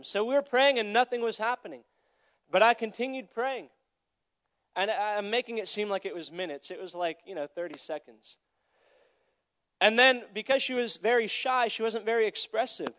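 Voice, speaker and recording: A young traveling evangelist from Florida preaches a sermon, telling a story and swinging between quiet asides and loud calls to the crowd. His voice sits high and moves at a normal speed.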